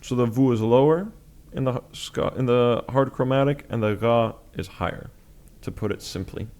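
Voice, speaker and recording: A man's voice: medium pitch, moderate pace, a little mellow. A man teaching chant in a music lesson, explaining step by step with patient, plain talk and sung examples.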